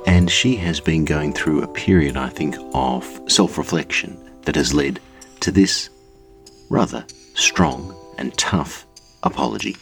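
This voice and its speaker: A man's voice: a bass voice, measured pace, vocal fry. A man hosting a podcast, introducing listeners' contributions in a chatty, informal way. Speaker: podcast host. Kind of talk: podcast presenting. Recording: music playing behind the voice.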